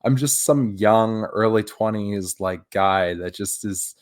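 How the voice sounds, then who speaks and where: A man in his thirties from Baltimore, telling his story casually and excitedly as he reacts to an old clip. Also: lowish voice, slow pace. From Baltimore, USA. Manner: excitable storyteller, jumps into loud re-enacted exclamations. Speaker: video host.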